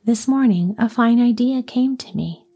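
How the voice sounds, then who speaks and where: A woman voicing a dapper, hot-tempered little old man in a storybook reading, quick to anger. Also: a little high, mellow, voice pushed up, lightly acted. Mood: grumbling.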